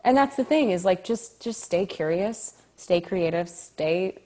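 A woman's voice: fairly low pitch, unhurried. A woman, a stage actor, telling a story in conversation, acting out quoted dialogue with frequent laughter. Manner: animated, acts out quoted dialogue, laughs often.

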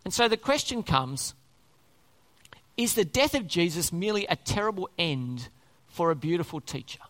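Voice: mid-range voice, very animated, moderate pace, fairly bright tone. A preacher delivering a sermon, speaking emphatically, repeating key words and asking many rhetorical questions.

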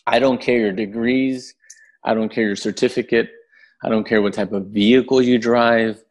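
A man, a podcast guest who tells a story in a casual, animated way, swearing freely and acting out the voices of the people in it. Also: medium pitch, moderate pace. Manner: animated, profane, acts out voices in his story.

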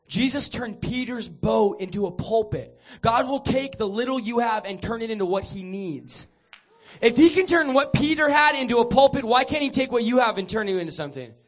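A young man preaching a revival sermon in church, moving from casual chat to shouted fervor. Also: high-pitched.

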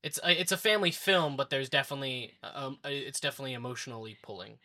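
A man's voice: medium pitch, fast talker, pushed and bright. A man hosting a casual podcast conversation, talking with many fillers and restarts. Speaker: podcast host.

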